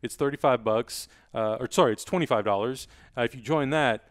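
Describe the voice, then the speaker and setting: A man hosting a casual podcast chat, talking quickly and energetically as he plugs the show. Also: medium pitch, dry recording, studio quality. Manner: fast, energetic plugging. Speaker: podcast host.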